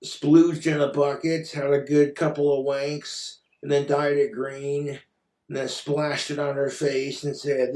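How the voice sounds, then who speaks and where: A man's voice: a little high, flat delivery, measured pace, darkish tone, echoey room. A man ranting in a commentary vlog, sarcastic, exasperated and full of swearing. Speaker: commentary vlogger.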